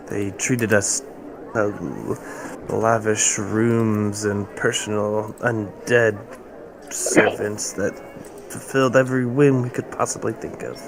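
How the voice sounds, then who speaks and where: A man at a tabletop game, recounting events in character in a halting way. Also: fairly low pitch, flat delivery, noisy background. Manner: halting, many ums and laughs. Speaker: player.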